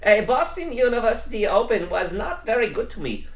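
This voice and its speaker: A man putting on a German accent to voice a friendly young German chess player, speaking haltingly with hesitant fillers. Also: high-pitched, very animated, voice pushed up. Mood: sheepish. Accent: German, put on. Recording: roomy echo.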